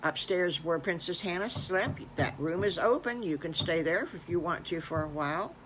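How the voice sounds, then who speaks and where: An older woman voicing a kindly, fatherly farmer who speaks gently and reassuringly. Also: lowish voice, lively intonation, background noise, lightly acted. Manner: gentle, slow, comforting.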